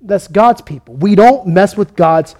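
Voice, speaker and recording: A man's voice: high-pitched, lively intonation, unhurried, a little mellow. A man preaching a sermon, emphatic, acting out the voices he quotes. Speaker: pastor.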